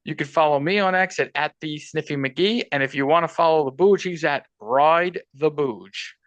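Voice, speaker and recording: A man's voice: a little high, moderate pace, a bit bright, no echo. A man hosting a casual sports betting podcast, bantering and joking crudely with his co-host.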